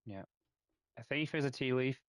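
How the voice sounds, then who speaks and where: A man with a Yorkshire accent chatting casually with viewers while streaming a game, friendly and quick to laugh, stumbling over names. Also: mid-range voice, no room sound, clean studio sound.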